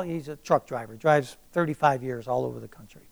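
This older man's sermon moves a little fast in a creaky voice. Scripture comes out with booming emphasis, followed by a personal anecdote told in a simple, conversational way.

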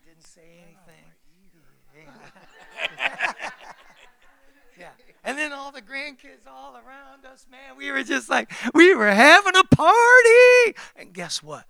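A man preaching a sermon as pastor, emphatic and repetitive, calling out to the congregation and swinging between loud exclamations and hushed confiding. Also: very high-pitched, lively intonation, slow, creaky, long pauses. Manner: repeats phrases and calls out to the congregation.

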